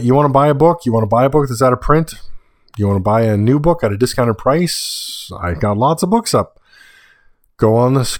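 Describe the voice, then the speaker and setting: A man's voice: mid-range voice, a little mellow, no room sound. Guy hosting his own podcast, rattles off prices, chats in between, dry close mic. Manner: casual, reads through price lists with offhand asides. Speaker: podcast host. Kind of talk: solo podcast monologue.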